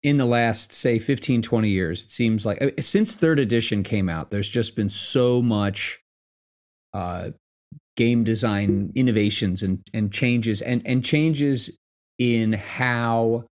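A man chatting casually about tabletop games, thinking aloud, pausing and restarting his sentences. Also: mid-range voice. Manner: thoughtful, hesitant, many fillers and restarts.

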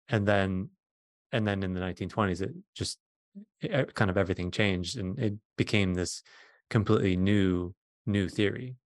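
Deep-ish guy, physicist guest, walks you through it patiently, pretty dry sound. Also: normal speed, no room sound. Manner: patient, plain-spoken explainer. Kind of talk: explaining science in conversation.

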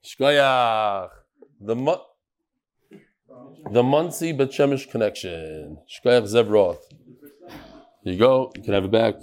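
A man teaching a live Talmud class, lively and chatty, teasing his audience. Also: medium pitch, a little slow, long pauses.

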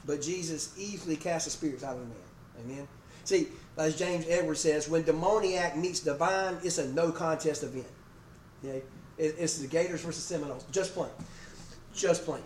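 Folksy preacher in an echoey church. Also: male voice, fairly high pitch, moderate pace, a little mellow. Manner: folksy, addresses congregation by name, frequent "okay?" and "amen?". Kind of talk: sermon. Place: church sanctuary. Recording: echoey room, distant mic, faint noise.

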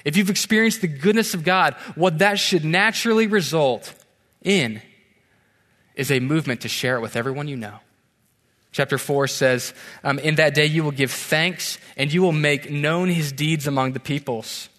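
A man preaching a sermon in a church, conversational and animated, asking the congregation rhetorical questions. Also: on the high side, moderate pace. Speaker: pastor. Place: church sanctuary. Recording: long church hall reverb.

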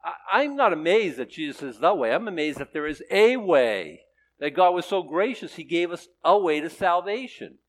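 A man's voice: fairly high pitch, big pitch swings, moderate pace. A man preaching a sermon in a conversational, sarcastic style, mixing scripture reading with jokes. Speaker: pastor.

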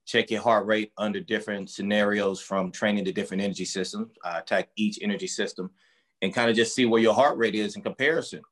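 A man speaks in a somewhat low register, relaxed yet emphatic. He explains his coaching work through vivid everyday comparisons, in loose conversational interview talk. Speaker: strength and conditioning coach for boxers.

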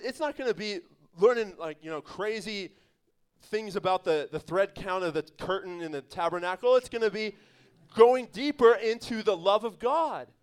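A pastor with a notably high-pitched voice delivers a sermon at an evening service. His preaching is emphatic and conversational, mixing earnest points with laughing asides to the people in front of him. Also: clear, resonant tone.

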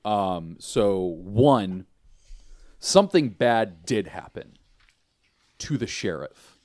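A man narrating as game master in a casual tabletop game, with a relaxed manner, laughing often and filling pauses. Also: on the low side, dry recording, clean studio sound.

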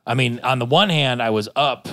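A man's voice: medium pitch, brisk, bright, forceful tone, no echo, clean studio sound. A man casually telling rambling, profane anecdotes as a podcast co-host, full of restarts. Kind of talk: casual storytelling chat.

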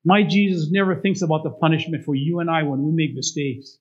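A man's voice: a little high, brisk, slightly rough. A man preaching a storytelling sermon as pastor, often asking the congregation rhetorical questions. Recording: dull lo-fi recording.

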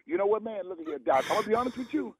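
A man's voice: high voice, lively intonation, rapid-fire, darkish tone, breathy edge, no echo. A man on a phone call, blunt and exasperated, swearing and repeating himself. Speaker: prank call target. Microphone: telephone. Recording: tinny dry phone line.

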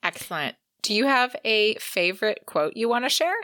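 A woman co-hosting a book podcast, chatting with enthusiastic, gushing warmth about the writing. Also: on the high side, animated, moderate pace, no room sound, studio quality. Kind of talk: casual chat.

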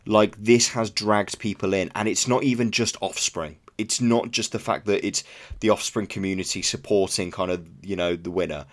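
A man's voice: lowish voice, steady tone, moderate pace. A man co-hosting a podcast, chatting enthusiastically and rambling about sneakers, swearing casually. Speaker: podcast co-host.

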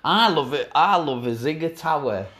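A man's voice: fairly high pitch, lively intonation, moderate pace, fairly bright tone. A man co-hosting a podcast, chatting casually in a teasing, sardonic way, swearing now and then. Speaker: podcast co-host. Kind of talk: casual chat.

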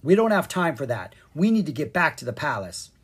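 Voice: mid-range voice, big pitch swings, brisk, slightly rough. A reader voicing Leon, a shy, nervous young male with small wings, who stammers and hesitates. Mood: evasive.

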